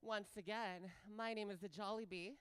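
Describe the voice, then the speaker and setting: A woman's voice: medium pitch, fairly even intonation, normal speed, smooth, dry recording. A woman hosting a live event as a flamboyant drag performer, joking with the crowd and leading a guided breathing exercise. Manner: flamboyant, loud and playful with the crowd.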